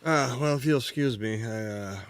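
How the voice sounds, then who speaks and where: A man playing a tabletop role-playing game, speaking in a measured, polite way. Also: mid-range voice, dry recording. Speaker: player.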